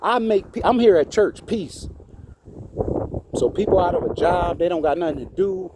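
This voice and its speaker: Man, indignant street-preacher rant to phone camera, high and lively pitch, faint traffic behind. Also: moderate pace. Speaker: vlogger. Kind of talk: ranting monologue to camera. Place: outdoors outside a church.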